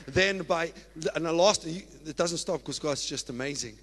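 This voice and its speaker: A South African man, a pastor, preaching a sermon in an excited, emphatic way. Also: a little high, a little slow. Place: church. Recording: long reverb of a church hall.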